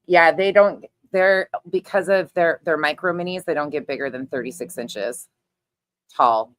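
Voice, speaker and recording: A woman's voice: deep voice, unhurried, a bit bright, no echo. A middle-aged woman hosting a casual livestream chat, talking loosely, laughing often and swearing freely. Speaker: livestream host.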